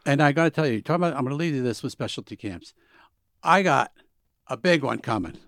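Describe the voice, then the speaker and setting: A man co-hosting a casual podcast chat, rambling with halting restarts. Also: mid-range voice, expressive, gravelly, a bit bright, no room sound, studio quality. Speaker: podcast co-host, camp founder.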